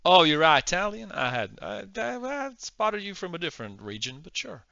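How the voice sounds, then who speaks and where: A man voicing a hospitable male adventurer who plays the Southern gentleman, in a Southern US accent with a showy manner. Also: normal speed, creaky, no echo, muffled recording, heavily acted. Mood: surprised. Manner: showy, hospitable, lively pitch swings.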